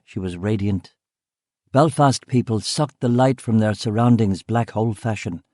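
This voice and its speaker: A man narrates a hard-boiled crime audiobook in a low, mellow voice. His delivery is dry and wry, measured and unhurried. The recording is close and dead dry. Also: dry recording. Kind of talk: first-person noir narration.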